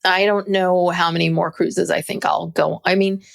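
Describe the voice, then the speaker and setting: A woman co-hosting a podcast chats loosely, often restarting her sentences. Her voice sits a little low and has a gravelly fry to it. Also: flat delivery, normal speed. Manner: chatty, many restarts and fillers. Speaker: podcast co-host. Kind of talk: casual chat.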